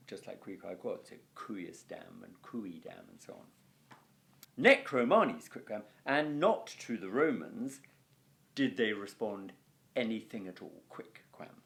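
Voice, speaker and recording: A man's voice: mid-range voice, vocal fry. A man with an English accent teaching a Latin lesson, patiently going through sentences word by word. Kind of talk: recorded language lesson.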